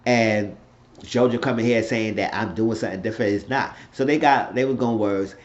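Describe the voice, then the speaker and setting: A man's voice: on the low side, normal speed, highs cut off. A man giving a blunt, opinionated, rambling recap of a TV episode in a casual unscripted way. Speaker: TV show reviewer.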